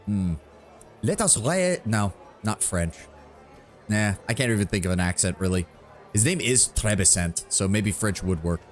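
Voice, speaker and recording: Male streamer, lively up-and-down voice, casual sweary commentary, game music faintly behind. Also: fairly low pitch, normal speed. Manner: sweary, joking, thinks aloud. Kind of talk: casual game commentary and reading game text aloud.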